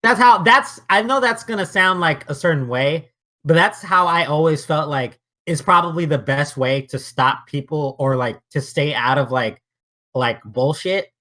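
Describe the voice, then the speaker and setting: A young man co-hosting a casual podcast, talking in an animated, profane way and acting out quotes. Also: a little high, moderate pace. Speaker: podcast co-host. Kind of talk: casual chat.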